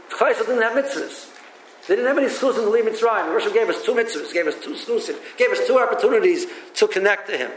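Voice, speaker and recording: A man teaching a religious text as a rabbi, talking haltingly and repeating himself as he tells stories. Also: sits high, animated, slight background noise. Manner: halting and repetitive, thinks aloud. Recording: echoey room with faint ambience.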